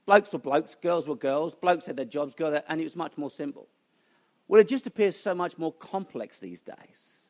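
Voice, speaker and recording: With a voice on the high side but darkish in tone, this middle-aged man speaks at a moderate pace and with plenty of animation. He addresses a church crowd as a conference speaker, delivering a funny, sermon-like talk full of stories that poke fun at himself.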